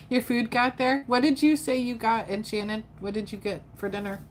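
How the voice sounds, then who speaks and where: A woman's voice: fairly high pitch, flat delivery, normal speed, a little hiss or hum. A woman doing a casual livestream tarot reading, chatty and given to laughing, her voice tired after hours of talking and reading to her chat. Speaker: tarot reader.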